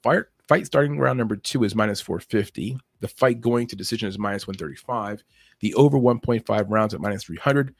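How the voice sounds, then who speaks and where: Man, gravelly voice, husky tone, casual betting talk, dry close sound. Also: lowish voice, dry recording. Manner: talks fast and loose, restarts often, chuckles at his own points. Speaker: MMA betting analyst. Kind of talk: casual podcast fight breakdown.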